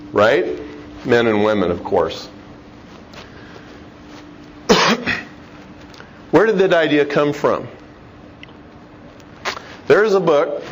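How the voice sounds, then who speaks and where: A man's voice: medium pitch, low-quality recording. A middle-aged man giving an informal talk, speaking conversationally with restarts and rhetorical questions. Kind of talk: informal talk on religion and history. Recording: faint background noise.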